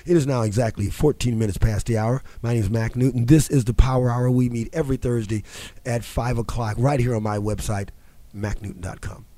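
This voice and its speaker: A man's voice: lowish voice, mellow. A man hosting a fitness talk show from a studio, telling a long story in a rambling, casual way with many restarts and fillers.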